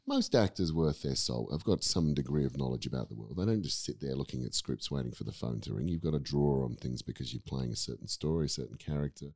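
A man's voice: very deep voice, lively intonation, quick pace, hardly any pauses, a little mellow. An Australian man, an actor and teacher, talking through ideas in a casual podcast, rambling with frequent restarts. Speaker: guest actor and acting teacher.

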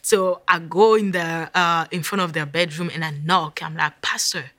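Bright-voiced African woman telling a story. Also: fairly low pitch, steady tone, moderate pace, no room sound. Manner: vivid, dramatic retelling with hushed whispered asides. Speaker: guest. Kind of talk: storytelling in a conversation.

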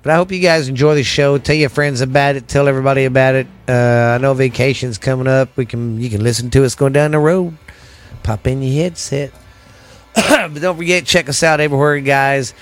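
A man's voice: medium pitch, fairly even intonation, a little fast. A middle-aged man hosting a podcast, rambling in a folksy, chatty way, his sinuses a bit stuffy. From Southern United States. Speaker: podcast host. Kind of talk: casual podcast sign-off chat.

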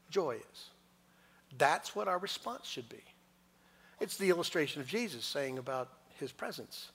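Male preacher in a reverberant hall. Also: fairly high pitch. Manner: swings from hushed to loud and emphatic. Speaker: pastor. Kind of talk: sermon. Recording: long reverb of a large hall.

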